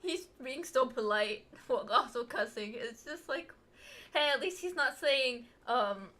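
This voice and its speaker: A woman's voice: high voice, expressive, measured pace, sharp tone. A woman streaming her reactions to scary videos, chatty and jokey, with exclamations and giggles. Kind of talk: casual reaction commentary.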